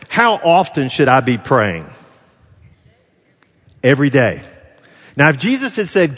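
A man preaching a sermon, earnest and conversational, asking the congregation questions and slowing down to repeat scripture lines. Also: on the high side, big pitch swings, fairly bright tone, big-room sound. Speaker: pastor.

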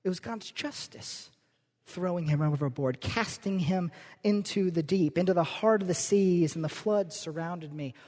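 A woman's voice: lowish voice, moderate pace, darkish tone. A woman preaching a sermon, earnest, reading scripture passages aloud with emphasis. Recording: long hall reverb.

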